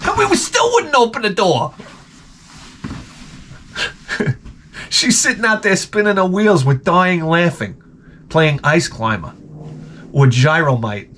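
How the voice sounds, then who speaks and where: A man rambles through profane comic stories, laughing a lot. His voice sits fairly high and swings widely in pitch. A faint hiss runs under it. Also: very animated, slow pace, pauses often, a bit bright. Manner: crude, rambling, laughs often, acts out quotes. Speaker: vlogger.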